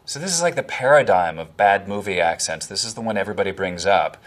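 Brief: accent commentator, lower voice, lively intonation, faint background noise. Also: male voice. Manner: analytic, blunt, with quick imitations. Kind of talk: commentary voice-over on film clips.

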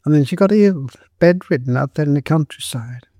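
A man reading a story, voicing a poor, timid young woman who stammers and pleads in a shrill, lisping voice. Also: animated, brisk, mellow, dry recording, clean studio sound. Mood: explaining.

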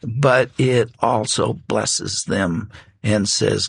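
An older man telling a personal faith story as a talk show guest, unhurried and reflective, pausing on fillers. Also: mid-range voice, gravelly, fairly bright tone, husky, no room sound.

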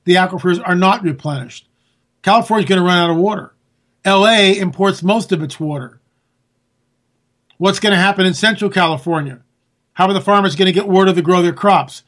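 High-voiced ranting male commentator. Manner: sarcastic, ranting, rising to near-shouts. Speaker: political commentator. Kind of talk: monologue commentary.

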